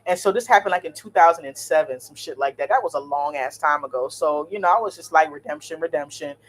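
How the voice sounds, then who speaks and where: Woman, thirties, lowish pitch, blunt, animated, swears freely, casual vlog. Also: fast talker. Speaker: vlogger.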